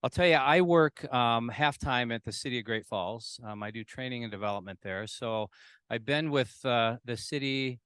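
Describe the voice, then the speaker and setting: A male presenter speaking in a measured, calm way, pausing on um's. His voice is smooth and resonant, at a middle pitch, with a dry, close sound. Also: dry recording. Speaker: trainer. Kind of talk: presentation talk. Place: large ballroom with a live audience.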